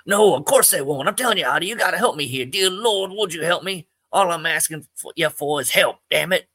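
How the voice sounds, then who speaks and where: A man's voice: medium pitch, moderate pace, pushed and bright, pitched above the performer's own voice. A man voicing Old Joe, a paranoid, God-fearing old small-town man who talks in a folksy drawl and pleads frantically. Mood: desperate.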